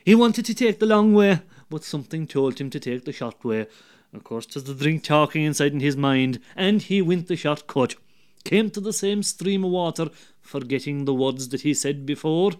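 A man with an Irish accent telling a folk tale, lively and dramatic, dropping to hushed asides. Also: a little high, normal speed, clean tone. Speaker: storyteller.

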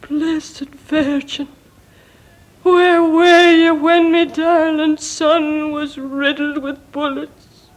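An actress playing a grieving older Irish mother who prays in slow, keening lament, with an Irish accent. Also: high voice, darkish tone, rough recording.

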